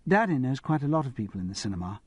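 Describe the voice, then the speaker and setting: A man voicing a young posh English girl with an English public school accent, bright, giggly and eager. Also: mid-range voice, very animated, rapid-fire, husky, no echo. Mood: chatty. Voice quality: bright and girlish.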